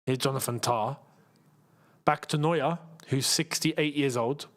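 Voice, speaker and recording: A man hosting a live football watchalong, chatty and excitable and laughing often. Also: medium pitch, slow pace. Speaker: host.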